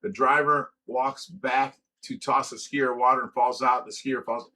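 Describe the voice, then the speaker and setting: Bright-voiced older man hosting a livestream. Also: mid-range voice, steady tone, unhurried, poor audio. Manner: chatty, laughs often, reads viewer comments aloud. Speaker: livestream host. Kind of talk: casual livestream chat reading comments.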